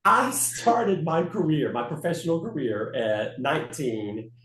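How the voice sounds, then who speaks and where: Animated man telling flight stories. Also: a little high, measured pace, echoey room, noisy background. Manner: animated storyteller who mimics passengers. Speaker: guest, flight attendant. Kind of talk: conversational storytelling interview.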